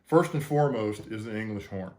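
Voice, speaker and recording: A man's voice: on the low side, animated, fairly quick, darkish tone. A man, a composer, talks casually and earnestly about how he made his choral piece, wandering through asides with many fillers and restarts. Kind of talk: casual spoken explanation.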